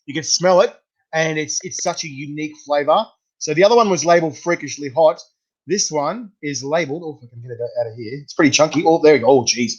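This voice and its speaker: A man's voice: on the high side, fast, husky, dull audio. A man hosting a casual chat, telling stories with animation and frequent laughter. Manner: animated storyteller, laughs often. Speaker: host.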